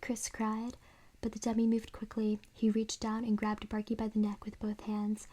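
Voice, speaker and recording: Soft whispering woman reading a story. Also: medium pitch, completely flat delivery, moderate pace. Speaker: ASMR reader. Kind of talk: whispered role-play.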